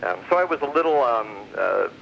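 A man's voice: medium pitch, very animated, fairly quick, vocal fry, a bit bright. A middle-aged man telling a long personal story in a casual, rambling way, with many fillers and restarts. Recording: muffled lo-fi recording, faint hiss.

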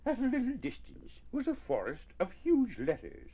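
Storybook narrator, man, gravelly and husky, lively pitch. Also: moderate pace, few pauses, lo-fi sound. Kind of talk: storybook read-aloud.

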